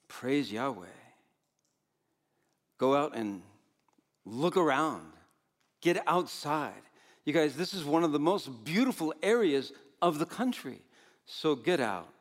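An older man preaching a sermon as pastor, animated, swinging between loud exclamations and soft asides, with frequent laughs. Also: medium pitch.

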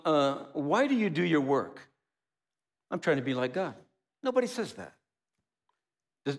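A man preaching a sermon, animated, asking rhetorical questions and acting out little dialogues. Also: fairly high pitch. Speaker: pastor.

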